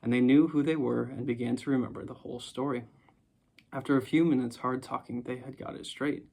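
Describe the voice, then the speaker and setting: A man narrating a storybook chapter in a calm, measured reading. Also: medium pitch, gravelly. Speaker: audiobook narrator.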